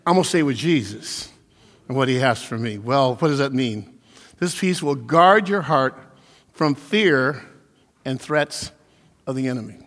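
A man preaching a sermon, animated, acting out little quoted voices as he goes. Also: medium pitch, a little slow, long pauses, in a large hall. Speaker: pastor.

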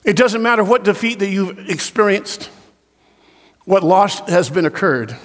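A man preaching a sermon, telling stories and building to impassioned shouts. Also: high voice, expressive, measured pace. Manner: storytelling, rising to impassioned shouts. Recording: long hall reverb.

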